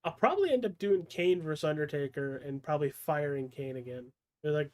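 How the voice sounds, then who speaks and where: A man co-hosting a wrestling podcast, cracking deadpan dark jokes in casual chat. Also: fairly high pitch, fairly quick. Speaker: podcast co-host.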